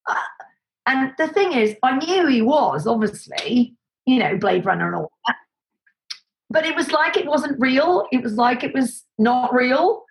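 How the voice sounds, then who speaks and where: A woman's voice: a little high, low-quality recording. Woman guest, chatty storyteller, mimics voices, rambling restarts. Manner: animated, acts out quoted voices, many fillers and restarts. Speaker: guest, set decorator. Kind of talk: casual anecdotal storytelling.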